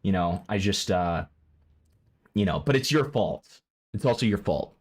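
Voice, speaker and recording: While streaming live, a man reacts to clips with excitable, profane commentary that erupts into loud, high outbursts, though his overall pace stays measured.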